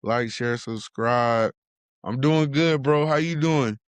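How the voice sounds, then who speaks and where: A man's voice: mid-range voice, slow pace, clear, resonant tone, no room sound. Hyped slangy male podcast co-host. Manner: hyped, slangy, playful shout-outs. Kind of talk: casual wrestling podcast chat.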